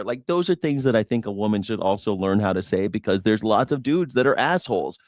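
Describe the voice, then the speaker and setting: A man's voice: medium pitch, animated, brisk, few pauses, dry recording, clean studio sound. Blunt, foul-mouthed man ranting on news. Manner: blunt, mocking, swears a lot, laughs at his own jokes. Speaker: news reaction host. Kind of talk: profane opinionated commentary.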